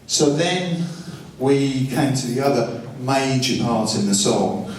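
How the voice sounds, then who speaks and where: A record producer with a medium-pitched, lively voice speaks slowly, giving a studio walkthrough. He tells studio stories in a dry, anecdotal manner, acting out what people said. The mic is distant and roomy, with music playing.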